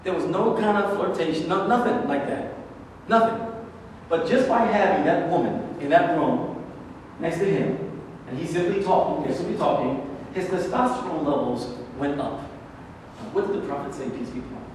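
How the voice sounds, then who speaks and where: A man with a slightly high voice, speaking at normal speed, lectures a religious class in a casual, conversational way, repeating key phrases and asking rhetorical questions. He's recorded far from the mic in a very echoey, noisy hall.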